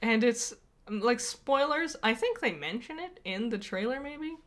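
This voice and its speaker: A woman's voice: on the high side, expressive, normal speed, a bit bright. A woman co-hosting a casual podcast, chatty and laughing often as she talks. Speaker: podcast co-host. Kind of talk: casual chat.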